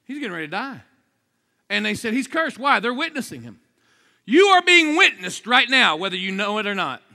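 A man preaching an energetic sermon, joking with the crowd and swinging between low asides and shouted exclamations. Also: brisk, vocal fry. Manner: jokey, asks the crowd for responses.

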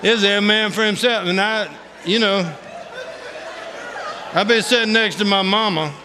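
Middle-aged guy preaching, high voice, folksy and jokey, lots of ain't, big hall reverb. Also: fairly even intonation, moderate pace, a crowd in the background, background noise. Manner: folksy, humorous storytelling; colloquial Southern-style grammar, "ain't". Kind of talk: testimony sermon.

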